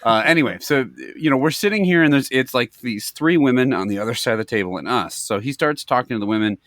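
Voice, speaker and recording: A man's voice: mid-range voice, fast, a bit bright, no echo, studio quality. A middle-aged man co-hosting a casual podcast, telling rambling, jokey stories and often laughing. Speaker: podcast co-host. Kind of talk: casual comedic chat.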